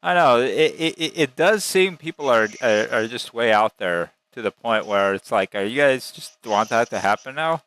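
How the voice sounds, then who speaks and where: A man talking casually in a skeptical tone, halting and restarting as he rambles along. His pitch sits in a middle range for a man. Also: animated, a bit bright, clear, resonant tone. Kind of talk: casual chat.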